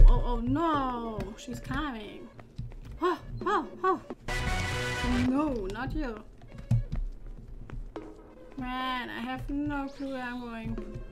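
A woman playing a horror game and commenting, nervous and jumpy, laughing and squealing repeated panicked no's over the game music. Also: high voice. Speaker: let's play gamer.

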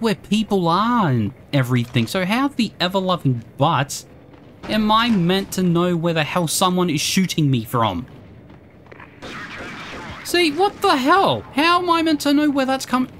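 A woman's voice: medium pitch, sing-song, a little slow, slight background noise. Exasperated swearing woman gamer. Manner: exasperated, swears a lot, rants at enemies. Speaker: let's play gamer. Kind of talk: gameplay commentary.

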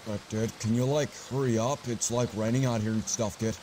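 A man's voice: medium pitch, fairly even intonation, brisk, background noise, close to an everyday voice. A man voicing a dim, laid-back young pizza delivery guy who keeps saying dude, with rain faintly behind. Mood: clueless. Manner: vague, filler-heavy, keeps saying dude.

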